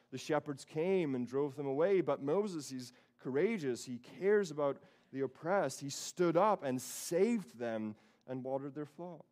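A man pastor delivers a Sunday sermon in a church sanctuary. He tells the story with a storyteller's energy and lively, acted-out voices, at a medium pitch.

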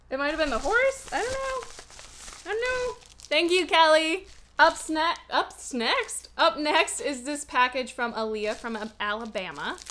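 A young woman chats casually at home as she opens fan mail and reads letters aloud. Her voice sits a little high and sounds bright, and she fills her talk with "like.". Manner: chatty, reads letters aloud, many "like" fillers. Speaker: stationery vlogger opening fan mail. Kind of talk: casual unboxing chat. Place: home room with open window.

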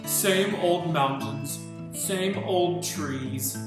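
A man, an English teacher, reading a storybook aloud to children and asking them questions along the way. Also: a little high. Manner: slow, animated, asks listeners questions. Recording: roomy echo, loud guitar music.

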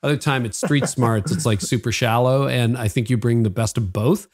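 A man's voice: mid-range voice, normal speed, a little mellow, slightly rough. A man hosting a podcast interview, speaking in a casual, complimentary way and laughing easily. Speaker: podcast host. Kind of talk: conversational interview.

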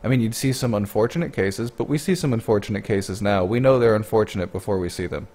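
Lowish voiced guy, sarcastic and blunt, swears a lot. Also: fast talker, darkish tone. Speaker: commentator. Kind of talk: sarcastic commentary.

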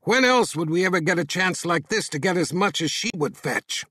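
A man voicing a gruff, predatory male captor who argues in a heated voice. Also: high-pitched, lively intonation, normal speed, bright, forceful tone, no room sound, clean studio sound, pitched above the performer's own voice, exaggerated voice. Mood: scheming. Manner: heated, arguing.

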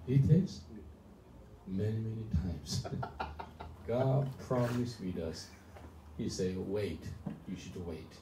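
A male pastor preaching a sermon, emphatic and animated, often asking the congregation whether they understand. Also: lowish voice, slow pace, long pauses. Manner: animated, emphatic, calls for responses. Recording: echoey room from far off, faint noise.

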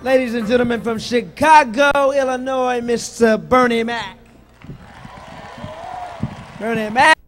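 A man announcing an act on stage, shouting a drawn-out, hyped introduction. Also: very high-pitched, steady tone. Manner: shouting, drawn-out hype delivery. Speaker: show announcer. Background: music.

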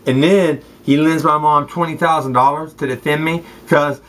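Speaking at a normal speed in a slightly high, bright voice with a steady tone, this Southern California man, once a football player, delivers a profane, meandering rant to the camera. He leans on street slang, names names, addresses people directly, and repeats "straight up" and "okay." The audio is rough.

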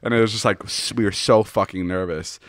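A man hosting a podcast, telling a story in casual chat, animated, swearing often and laughing as he goes. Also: fairly low pitch, a little fast, dry recording, clean studio sound. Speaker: podcast host.

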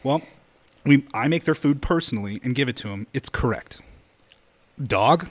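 Casual male podcast storyteller from Colorado, lively and full of fillers, voice in a middle range. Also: mid-range voice, slight background noise. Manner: animated, chatty, with quick laughs and many "like"s. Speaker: podcast co-host.

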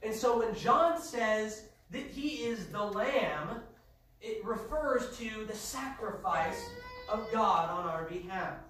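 A man's voice: high-pitched, expressive, slow pace, distant mic, a little hiss or hum. Man, pastor, emphatic sermon, heard from afar in a very echoey church. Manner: emphatic preaching, rising to shouts. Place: church sanctuary.

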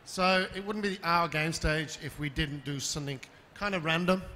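Stage host: brighter, higher-pitched man, brisk and jokey; hall reverb with a faint crowd murmur. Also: slight background noise. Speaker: panel host. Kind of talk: hosting a convention stage. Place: large convention hall stage.

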